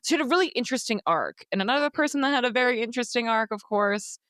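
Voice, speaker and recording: A woman's voice: on the high side, fast talker, a bit bright, no echo, clean studio sound. A woman co-hosting a casual book podcast, talking animatedly, swearing freely and acting out characters' lines. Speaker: podcast co-host.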